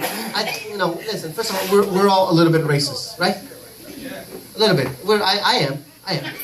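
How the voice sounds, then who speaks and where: A man on a comedy club stage does a loose, profane stand-up set, rambling from one crude tangent to the next. His voice sits a little high for a man. It comes across distant, picked up well away from the mic, with a clear layer of noise around it. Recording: distant mic, noisy live recording.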